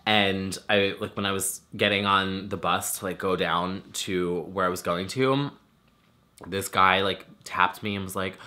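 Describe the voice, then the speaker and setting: A man's voice: lowish voice, unhurried, sharp tone. A young man with a nasal voice chatting casually and swearing often, recovering from a swollen throat. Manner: chatty, swears a lot, many "like" fillers. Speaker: vlogger. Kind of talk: casual chat.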